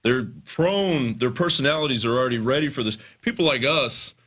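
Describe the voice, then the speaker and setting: A man in a studio discussion who lays out his points in a measured, explanatory way. His tone is bright and forceful, and his pitch sits in a middle range. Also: expressive.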